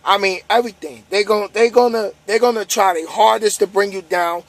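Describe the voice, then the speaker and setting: Trucker man, high voice, tired, preachy motivational talk, dry close sound. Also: brisk, no echo. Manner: casual, repetitive, preachy, building up emphasis. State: tired, yawning. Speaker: trucker vlogger. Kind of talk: motivational monologue to camera.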